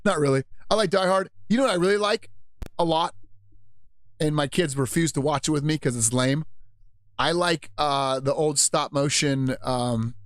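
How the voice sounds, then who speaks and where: A middle-aged man from Seattle hosting a livestream, talking casually with lots of swearing and sudden animated outbursts. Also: on the high side, normal speed, no echo. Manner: profane, animated, swings into loud outbursts. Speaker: livestream host.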